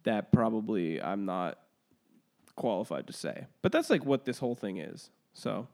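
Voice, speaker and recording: A man's voice: on the low side, lively intonation, normal speed, gravelly, darkish tone. A man hosting a casual podcast, joking loosely and swearing freely. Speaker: podcast host.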